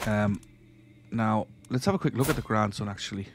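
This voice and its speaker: A man's voice: lowish voice, normal speed, slight background noise. Man casually narrating a strategy game. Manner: thinking aloud, relaxed, trailing off and restarting. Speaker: gaming channel host. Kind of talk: casual let's-play commentary.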